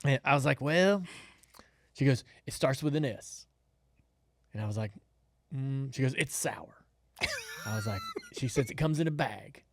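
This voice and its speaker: A man's voice: mid-range voice, unhurried, vocal fry, long pauses, no echo, clean studio sound. Man telling a funny story. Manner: animated storyteller, laughs often. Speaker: podcast co-host. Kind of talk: casual storytelling chat.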